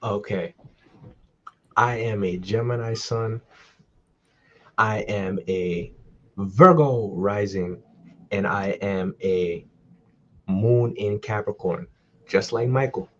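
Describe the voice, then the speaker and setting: A young man from New York speaks as a podcast guest. His voice sits low and comes through slightly muffled and dull. He explains things steadily and drops casual slang. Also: slow pace, long pauses. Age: young adult. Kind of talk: casual astrology chat.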